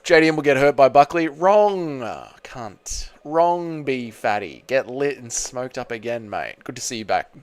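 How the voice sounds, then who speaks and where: A man's voice: mid-range voice, animated, unhurried, hardly any pauses, clean tone, dry recording. An Australian man hosting a live stream, reading viewer chat aloud and answering in crude, joking banter. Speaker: channel host.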